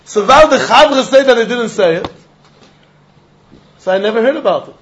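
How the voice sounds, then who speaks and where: A man's voice: very high-pitched, lively intonation, moderate pace, fairly bright tone, lo-fi sound. A man teaching a Talmud class, repeating points with emphatic sing-song delivery and mixing in Yiddish and Hebrew terms.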